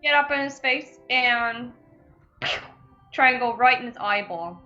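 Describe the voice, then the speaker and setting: A woman's voice: fairly high pitch, unhurried, pushed and bright, highs cut off, faint music behind. A woman playing in a tabletop game, speaking thoughtfully and laughing easily. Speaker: player. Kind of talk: casual tabletop play.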